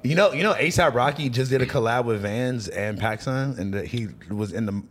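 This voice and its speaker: A young man, a rapper guest on a podcast, telling stories in loose casual chat, full of fillers and quick laughs. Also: medium pitch. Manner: loose storytelling, heavy on fillers, laughs easily.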